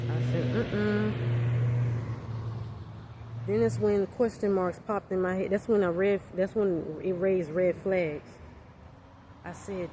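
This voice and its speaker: A vlogger with a medium-pitched voice tells her viewers a story in a casual storytime video, with slight background noise. She's animated and repetitive, calling out to her audience as "y'all" over and over.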